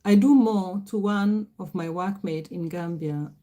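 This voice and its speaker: A woman's voice: fairly low pitch, a little slow, warm tone. A middle-aged woman with a Kenyan accent, hosting a casual livestream and reading out viewer comments, greeting people by name. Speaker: livestream host.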